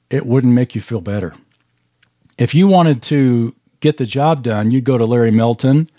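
A man's voice: mid-range voice, mellow, dry recording, clean studio sound. A man preaching a sermon as pastor, in a folksy, conversational way, explaining patiently with homely examples and repeated emphasis.

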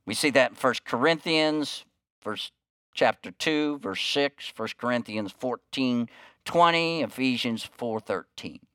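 A man preaching a sermon, telling a story that dips into hushed quoted lines and then rises with emphasis. His voice is smooth and resonant at a middle pitch. The sound is dry and close, with no room echo. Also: animated, slow pace. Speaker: pastor.

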